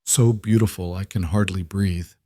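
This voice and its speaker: A man voicing a tender frontier groom who speaks in a rough, tearful whisper in a storybook reading. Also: deep voice, fairly even intonation, normal speed, warm tone, dry recording, studio quality.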